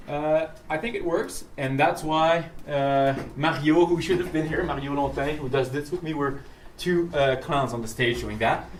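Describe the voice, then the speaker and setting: A man whose first language is French speaks as a university French professor, lively and full of fillers. His voice sits at an ordinary middle pitch. He sounds set back from the mic in an echoey room, with a faint hiss behind. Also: recorded from a distance. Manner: animated, storytelling, hesitant fillers. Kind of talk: interview talk on stage.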